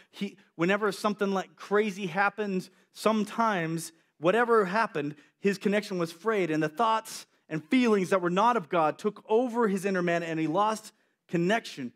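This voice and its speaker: A man preaching a sermon to young people, animated and acting out the voices in the story. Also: high voice.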